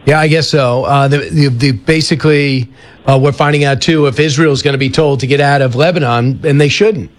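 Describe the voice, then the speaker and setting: A man's voice: medium pitch, steady tone, a little fast. Sarcastic male talk radio host. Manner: conversational, sarcastic asides.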